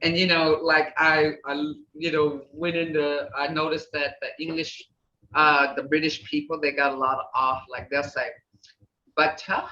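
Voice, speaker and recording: A woman's voice: sits low, flat delivery, normal speed, pushed and bright. An older woman with an Oklahoma accent, a language teacher chatting through a class, laughing often and acting out sounds. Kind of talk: casual class talk. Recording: distant, dull, roomy sound.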